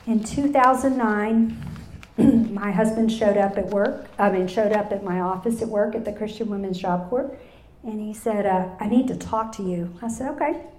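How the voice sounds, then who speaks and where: A woman's voice: medium pitch, normal speed, darkish tone. A woman in her fifties giving an earnest personal testimony at a women's luncheon, speaking straight to the audience. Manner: earnest, storytelling, addresses audience directly. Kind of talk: live personal testimony talk. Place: large hall with live audience. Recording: roomy echo in a hall.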